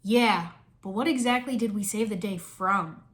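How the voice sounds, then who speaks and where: A woman voicing a sarcastic young male ninja with a deadpan delivery. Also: mid-range voice, moderate pace, natural voice.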